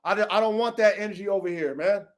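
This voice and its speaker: A man with a notably high speaking voice delivers a heated, profane rant on his podcast. He talks in a confrontational way, circling back over the same points and calling people out by name. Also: fast talker. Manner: profane, confrontational, repetitive, calls out names. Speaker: podcast host.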